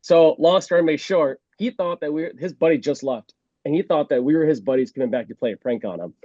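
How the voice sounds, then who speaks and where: A man's voice: a little high, fast talker, warm tone, no room sound, muffled recording. A man who used to be a police officer tells a story in a casual way, acting out the scene and laughing often. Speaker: former police officer guest.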